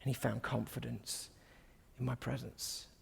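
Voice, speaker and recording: Gravelly-voiced man preaching in a hall. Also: mid-range voice, little pitch movement, a little slow. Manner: conversational and humorous, dropping to soft, hushed tones. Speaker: guest preacher. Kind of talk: sermon with personal stories.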